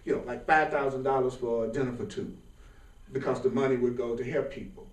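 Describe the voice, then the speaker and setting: A man giving an informal spiritual class, talking in a lively, colloquial way and often laughing. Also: mid-range voice, a little fast. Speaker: spiritual teacher. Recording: roomy sound from a distant mic.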